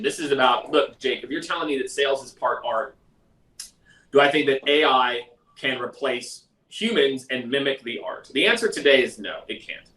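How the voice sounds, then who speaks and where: A man hosting a live sales question-and-answer stream in a casual, energetic, conversational way. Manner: energetic, conversational, mimics others in a high voice. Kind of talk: casual livestream talk. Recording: roomy echo, mic at a distance.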